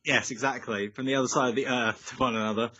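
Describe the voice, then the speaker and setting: A young man talks loosely over a video call, wandering off on tangents and padding his sentences with ums and likes. His voice comes across bright and forward. The call audio is dry and a little dull. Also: medium pitch, fairly even intonation, fast talker, no room sound. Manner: rambling, goes off on tangents, many fillers. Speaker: musician guest.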